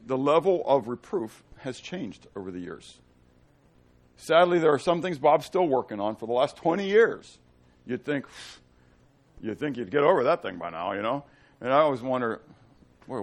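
A man teaching a conversational Bible study, with joking asides and questions to his class. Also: mid-range voice.

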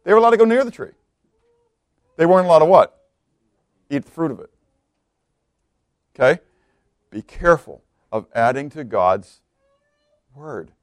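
A man's voice: fairly high pitch, lively intonation, moderate pace, pauses often, no echo. A male pastor giving a conversational sermon, often stopping to ask his listeners questions and reading scripture aloud. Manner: conversational preaching with repeated rhetorical questions.

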